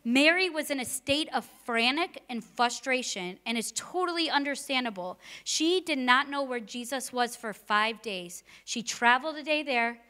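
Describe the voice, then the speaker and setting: A woman's voice: high voice, lively intonation, moderate pace, few pauses, bright, forceful tone. A woman preaching a sermon in a conversational way, mixing scripture with personal stories and rhetorical questions.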